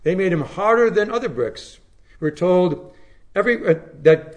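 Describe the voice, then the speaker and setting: A man preaching a sermon, with dramatic emphasis that drops to low, hushed phrases. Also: animated, moderate pace.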